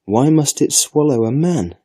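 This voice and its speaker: A man's voice: mid-range voice, expressive, unhurried, mellow, dry recording, clean studio sound, voice pushed up. Man putting on a small curious girl. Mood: frightened. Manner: pleading, childlike questions. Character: timid curious little girl.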